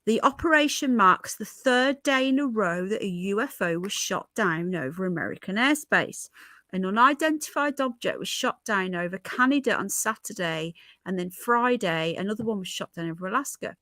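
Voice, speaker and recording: A middle-aged British woman hosts a casual livestream, chatting and rambling as she reads out news and greets viewers mid-sentence. Her medium-pitched, animated voice is a bit bright, recorded dry at a moderate pace.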